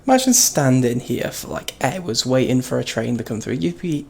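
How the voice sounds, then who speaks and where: A gravelly, slightly rough man's voice of medium pitch, with lively intonation and normal speed, comes through poor audio. While playing a train simulator he tells rambling stories and laughs at himself, as the sim's engine and rail sounds fill the background.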